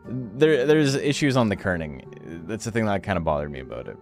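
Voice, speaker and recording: Laid-back low-voiced man streaming a game. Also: big pitch swings, moderate pace, soft background music. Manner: reads game text aloud, wry and offhand. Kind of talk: casual game commentary.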